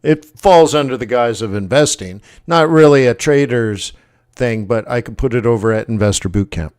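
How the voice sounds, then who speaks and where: A man's voice: mid-range voice, moderate pace, darkish tone, clear, resonant tone. A man with a Canadian accent hosting a forex trading livestream, talking casually in a rambling, jokey way and correcting himself as he goes. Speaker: forex trading educator and stream host.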